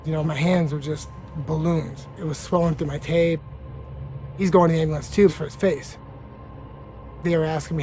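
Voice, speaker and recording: Brief: male fighter recounting a brawl, slightly high voice, blunt and profane, music bed under him. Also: steady tone, moderate pace, pauses often, warm tone. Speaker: fighter interviewee. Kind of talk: storytelling interview.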